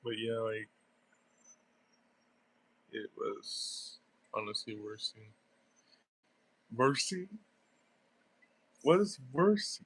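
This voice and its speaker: A man's voice: medium pitch, big pitch swings, drawn-out words, pauses often, a bit bright, breathy edge. A young man with a stuffy nose, rambling through casual gameplay commentary with lots of fillers and giggles. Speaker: gaming streamer.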